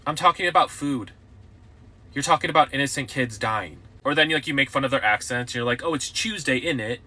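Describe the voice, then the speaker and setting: A man's voice: medium pitch, brisk, pushed and bright. A man making joking complaints in a comedic social media clip.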